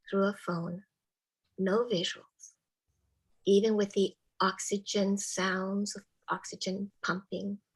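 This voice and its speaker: Slow, breathy woman telling a story. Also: mid-range voice, poor audio. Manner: soft and measured, often dropping to a hushed whisper. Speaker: storyteller, spiritual care volunteer with a therapy dog. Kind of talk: live personal storytelling.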